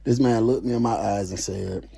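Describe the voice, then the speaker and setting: Husky man telling a profane story. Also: fairly low pitch, normal speed. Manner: animated, profane, slangy storytelling. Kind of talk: casual storytelling.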